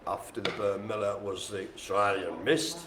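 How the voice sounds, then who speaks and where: A man's voice: lowish voice, normal speed, slight background noise. A man calling bingo on a live stream, joking and chatting with the people around him. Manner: jokey, animated, chatty with the room. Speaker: bingo caller. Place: indoor care home lounge. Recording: echoey room.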